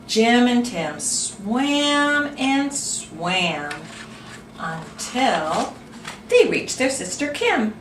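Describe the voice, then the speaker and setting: Lively woman reading a children's story. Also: mid-range voice, roomy sound, far from the mic, slight background noise. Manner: animated, asks listeners questions. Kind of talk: children's storytime read-aloud.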